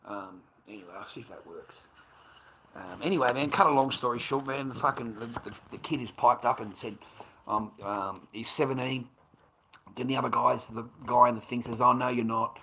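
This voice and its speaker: A middle-aged man chats on a casual livestream in a rambling, agitated way. He swears freely and repeats himself as he talks. His voice has a bright, forceful tone at a mid-range pitch. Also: moderate pace, gravelly, slight background noise.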